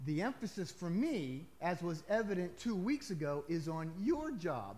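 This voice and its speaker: Emphatic, fairly high-voiced male pastor. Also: sing-song, unhurried, hardly any pauses, a little mellow. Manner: conversational preaching with emphatic rises and asides. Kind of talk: sermon.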